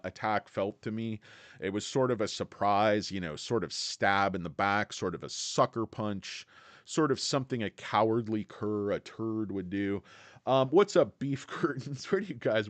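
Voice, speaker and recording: A man's voice: fairly low pitch, no room sound. Brash, blunt man chatting stocks live. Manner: blunt, brash, jokey, greets chat viewers. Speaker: livestream host. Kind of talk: casual stock talk livestream.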